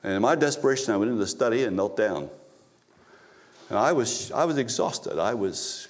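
Male pastor preaching a story-driven sermon in church, halting restarts, emphatic repetition. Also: on the low side, expressive. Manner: storytelling, repeats phrases for emphasis, frequent restarts.

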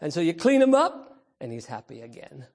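A man's voice: on the high side, huge pitch swings, normal speed, a little mellow. A male pastor preaching a Sunday sermon to the children, emphatic and storytelling, calling out to the congregation. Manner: storytelling, imitates baby cries.

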